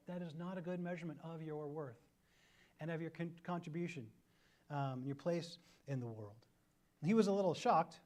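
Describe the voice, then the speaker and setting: A man in his thirties delivers a relaxed, talky sermon. His voice sits a little above the usual male range. He tells stories with lively energy and keeps pulling the room along with quick check-ins. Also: fairly high pitch. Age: 30s. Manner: animated storyteller, often adds "right?" to check in with listeners. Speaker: pastor. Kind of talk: conversational sermon.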